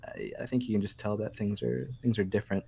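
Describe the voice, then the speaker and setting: Chatty young man with a lowish voice. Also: steady tone, fast, mellow, a little hiss or hum. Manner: upbeat, chatty, repeats words while starting sentences. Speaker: podcast co-host. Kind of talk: casual chat.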